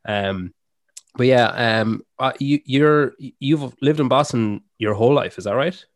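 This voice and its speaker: A man's voice: medium pitch, measured pace, dry recording, studio quality. A man hosting a casual podcast interview, rambling and hesitant with lots of fillers. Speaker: podcast host.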